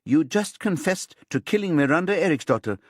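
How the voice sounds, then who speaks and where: Man voicing a pushy female prosecutor, loud. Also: fairly high pitch, sing-song, fast, no room sound, studio quality, voice pushed up. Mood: pressing. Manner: pressing, raised voice.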